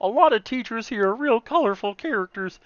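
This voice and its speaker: A man putting on a loud, high, eccentric teacher. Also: expressive, a little fast, dry recording, lo-fi sound, natural voice. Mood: showy.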